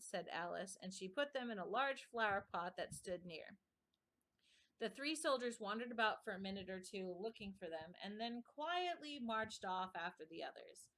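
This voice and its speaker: Brief: woman narrator for a read-aloud stream, bright, clear, measured. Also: mid-range voice. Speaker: stream host reading aloud.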